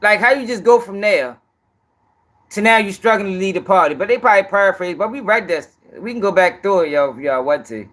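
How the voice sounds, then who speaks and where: High-voiced man mocking a news story. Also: animated, a little fast. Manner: loud, laughing, profane and mocking. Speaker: commentary host. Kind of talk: reaction commentary on a news clip.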